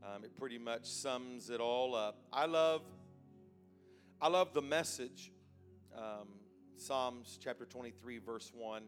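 A man preaching a sermon in a church, moving from a quiet, hesitant start to loud, shouted emphasis. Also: mid-range voice, slow pace, soft background music.

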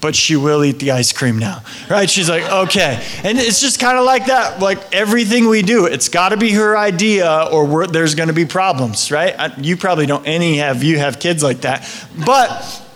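Casual pastor, high voice, talks like he's chatting with friends. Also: normal speed, fairly bright tone. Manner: chatty, asks "right?" often. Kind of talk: conversational sermon.

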